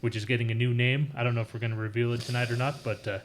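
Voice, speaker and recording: A man's voice: mid-range voice, flat delivery, racing, slight background noise. Matter-of-fact man giving product updates. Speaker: staff member helping the host. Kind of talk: casual live-stream chat.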